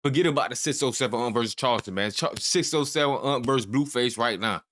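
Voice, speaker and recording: A man's voice: medium pitch, fast, fairly bright tone, slight background noise. A man reacting to a video clip in casual commentary, laughing and hyping it up. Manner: laughing, hyped banter.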